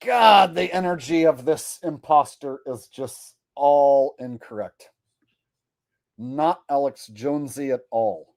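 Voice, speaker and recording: A man's voice: medium pitch, slow pace, a little mellow, no room sound. A man hosting a commentary vlog, talking in a profane, incredulous and mocking way. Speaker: host.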